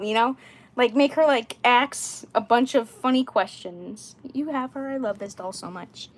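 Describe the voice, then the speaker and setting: A woman with a somewhat high voice chats casually as she shows off her doll collection. She rambles along with plenty of fillers and keeps clearing her throat. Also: animated, measured pace, fairly bright tone. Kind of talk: casual chat showing dolls.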